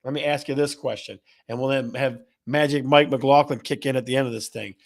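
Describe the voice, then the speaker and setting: A man hosting a live online show, energetic and repetitive, rattling off viewer answers like an auctioneer. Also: mid-range voice, a little fast, creaky. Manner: energetic, auctioneer-like, repeats questions. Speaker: host. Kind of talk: livestream show host reading chat.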